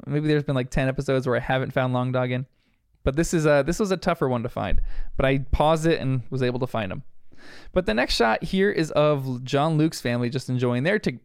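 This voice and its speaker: A man's voice: medium pitch, clean tone, dry recording, studio quality. A young man giving a casual, chatty recap of a cartoon episode, reflective and full of fillers. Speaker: episode reviewer.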